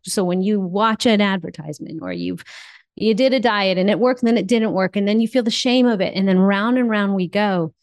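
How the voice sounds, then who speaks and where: A woman's voice: medium pitch, a little fast. A woman co-hosting a faith conversation, speaking in an emphatic, preacherly, encouraging way. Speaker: co-host. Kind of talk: faith-based podcast conversation.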